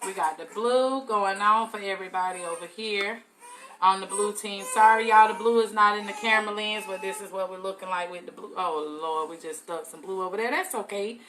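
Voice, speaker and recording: A woman's voice: mid-range voice, steady tone, brisk, fairly bright tone. A young adult woman leading a live soap-making tutorial, chatting casually and calling her viewers y'all.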